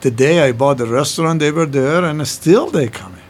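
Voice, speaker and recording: An older man who once owned a restaurant tells stories in a casual interview, his voice fairly high-pitched and brisk. He rambles, restarting sentences and breaking grammar.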